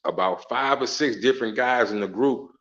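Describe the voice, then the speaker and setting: Middle-aged man, slangy and profane, casual monologue, average pitch, dull recording. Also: moderate pace, a bit bright. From Southern United States. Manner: profane, slangy, laughing storyteller. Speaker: travel vlogger.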